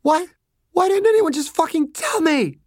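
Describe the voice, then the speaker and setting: A man's voice: very high-pitched, lively intonation, normal speed, no room sound, studio quality, pitched above the performer's own voice. A man doing a screaming teenage girl. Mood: panicked, hysterical. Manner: screaming, sobbing, cursing. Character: terrified, furious infected teenage girl.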